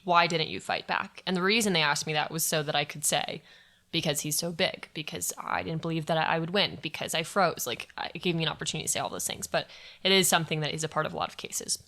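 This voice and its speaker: A woman's voice: deep voice, fast, pushed and bright. A young adult woman candidly telling a personal story on a podcast, speaking frankly and swearing freely. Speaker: guest sharing her story.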